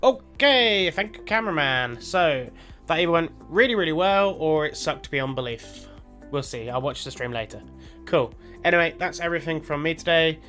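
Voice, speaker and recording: Fairly high-pitched, animated, bright and forceful, the resident videographer speaks at normal speed in his pre-recorded message. With music behind the playback, he hands out cheeky, profane instructions for the show.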